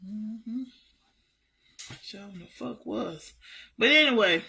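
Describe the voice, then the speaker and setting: A woman's voice: mid-range voice, expressive, slow pace, gravelly, sharp tone, slightly rough. A woman telling a story to her camera in a casual monologue, blunt and heavily profane, repeating herself for emphasis. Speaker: vlogger.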